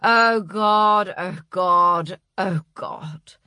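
A woman's voice: mid-range voice, sing-song, slow, fairly bright tone, dry recording, clean studio sound, exaggerated voice. A woman voicing a flustered, apologetic male literary agent who keeps scolding himself. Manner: fretful, self-reproaching.

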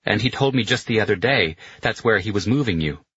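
A man voicing an earnest young man who speaks quietly. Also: fairly low pitch, lively intonation, a little fast, breathy edge, dry recording, lo-fi sound, heavily acted.

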